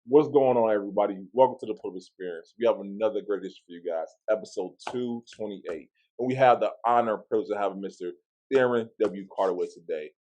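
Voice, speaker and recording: A man with a somewhat low voice hosts a casual podcast interview. He talks loosely and easily, with slangy phrasing and frequent laughs. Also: quick pace, a little mellow. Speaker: podcast host.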